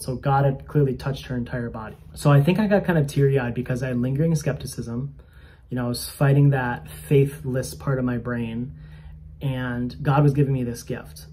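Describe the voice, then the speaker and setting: A man's voice: medium pitch, warm tone, a little hiss or hum. A man who hosts a spiritual coaching channel, sharing a personal faith testimony in an earnest, conversational and slightly self-conscious way. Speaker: spiritual coach and video host.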